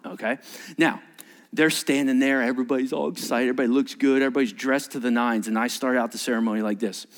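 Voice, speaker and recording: A male pastor preaching a sermon. He acts out wedding scenes in an animated way and drops to a hushed, low delivery for emphasis. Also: long reverb tail.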